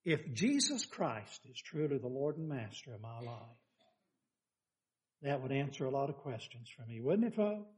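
An older man preaching a sermon, folksy and animated, firing questions at the congregation. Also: mid-range voice, normal speed.

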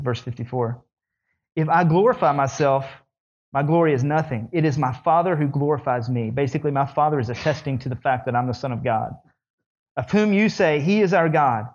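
A man preaching a sermon in an animated way, his voice climbing high when he voices the questioners. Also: lo-fi sound.

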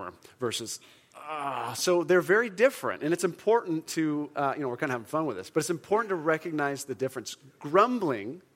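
A man preaching a sermon to his congregation in an earnest, conversational way, leading the room in call-and-response. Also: on the high side. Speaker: pastor.

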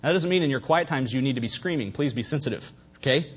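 A man preaching a sermon at a church service, fervent, swinging between loud emphasis and hushed asides. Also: medium pitch, expressive, fast, husky. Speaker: pastor. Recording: dull lo-fi recording.

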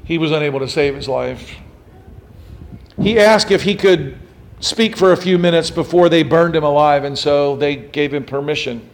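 A man's voice: a little high, moderate pace. Dramatic storytelling preacher man. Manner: dramatic, acts out quotes, rising to intense emphasis. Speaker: pastor. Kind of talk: sermon storytelling.

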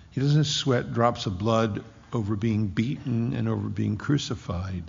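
Gravelly-voiced preacher man in echoing hall. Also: medium pitch. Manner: impassioned preaching with slow, drawn-out emphasis. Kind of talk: sermon. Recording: dull lo-fi with long hall reverb.

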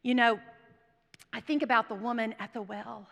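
Woman preacher, high bright voice, storytelling sermon with hushed lows and emphatic highs, echoing chapel. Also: fast talker, vocal fry. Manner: storytelling, swinging between hushed whispers and emphatic bursts. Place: seminary chapel. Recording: long reverb of a chapel.

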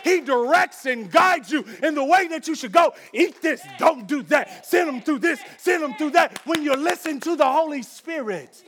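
High-voiced preaching pastor, man. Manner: rhythmic preaching, rising to shouts then dropping to a hushed prayer. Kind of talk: sermon and closing prayer.

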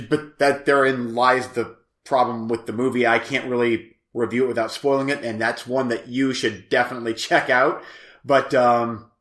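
A man's voice: mid-range voice, a bit bright, echoey room. A man co-hosting a podcast, chatting casually and reviewing a movie, rambling and often breaking off mid-sentence. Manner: rambling, self-interrupting, laughs easily. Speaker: podcast co-host.

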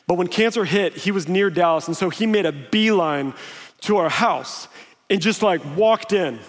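A man preaching a sermon, telling stories in a conversational way and acting out the quotes. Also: sits high. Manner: conversational storytelling with laughs and acted-out quotes. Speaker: pastor. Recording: long hall reverb.

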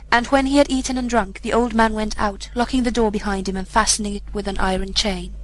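A woman narrating a fairy tale audiobook in a measured, solemn storytelling manner. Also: medium pitch, a little hiss or hum, poor audio.

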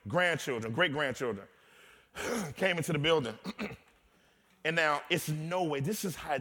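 Preaching pastor in a reverberant hall. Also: male voice, fairly high pitch, a bit bright. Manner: storytelling with humor, rising to impassioned preaching. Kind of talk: sermon.

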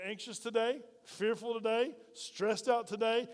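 A man preaching in a church, his voice sitting high for a man. He talks to the congregation in a loose, conversational way, tossing out questions and asking them to say lines with him. The sound carries a long hall echo. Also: brisk. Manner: conversational preaching with rhetorical questions and call-and-response. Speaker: pastor. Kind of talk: sermon. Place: church sanctuary.

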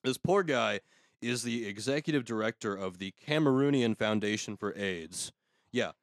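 A man's voice: lowish voice, animated, moderate pace, no room sound. Crude, ranting man on a podcast. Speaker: podcast host. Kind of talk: casual comedic rant.

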